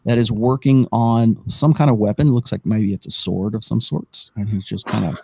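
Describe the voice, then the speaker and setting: A man's voice: on the low side, moderate pace, gravelly, mellow, breathy edge, dry recording. A man narrating as game master of a tabletop game, rambling and thinking aloud as he sets up the map.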